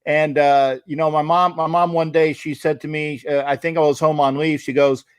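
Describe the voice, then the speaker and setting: A man hosting a casual interview, telling a story in an animated way over a video call. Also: fairly high pitch, moderate pace, clean tone, dry recording, studio quality. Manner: animated storyteller, acts out quotes excitedly. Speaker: podcast host.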